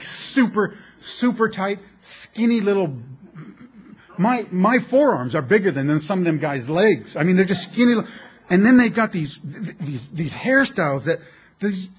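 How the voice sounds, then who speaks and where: A middle-aged man preaching a sermon as a pastor, telling animated, jokey stories with frequent restarts. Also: high-pitched, measured pace, slightly rough.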